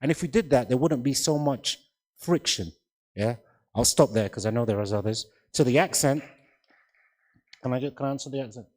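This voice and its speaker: A man speaks on a literary festival panel, emphatic and given to repeating himself as he builds a point. His mid-pitched voice rings out with a long hall reverb, as if from a large room. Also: a little fast, long pauses, darkish tone. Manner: emphatic, repeats words, asks "does that make sense?". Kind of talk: panel discussion talk.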